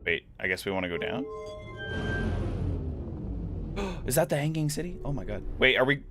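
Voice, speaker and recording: A man's voice: medium pitch, very animated, fast, over music. A man giving casual, rambling gameplay commentary, musing aloud as he plays. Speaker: gaming streamer.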